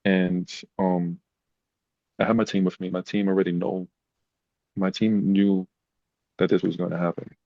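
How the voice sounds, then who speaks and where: Very deep flat-voiced man telling stories. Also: unhurried, gravelly, long pauses, no room sound, dull audio. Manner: emotional, animated retelling. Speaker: podcast guest. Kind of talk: casual storytelling.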